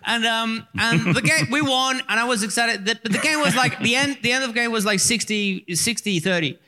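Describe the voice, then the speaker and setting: A man from Venezuela with a Venezuelan Spanish accent, a native Spanish speaker, telling animated stories as a guest on a live comedy panel, repeating words and swearing freely. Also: extremely high pitch, a little fast. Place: festival stage before an audience. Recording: live stage with long hall reverb.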